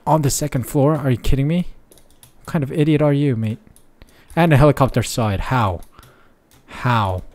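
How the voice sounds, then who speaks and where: A man's voice: medium pitch, moderate pace, a little mellow. A young man giving muttered, sarcastic let's-play commentary from his desk microphone. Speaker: gaming channel host.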